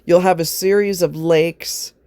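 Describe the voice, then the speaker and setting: A woman's voice: on the low side, fairly even intonation, unhurried, mellow, no room sound. A woman chatting casually to camera, rambling from one aside to the next and often laughing. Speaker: vlogger. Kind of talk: casual chat.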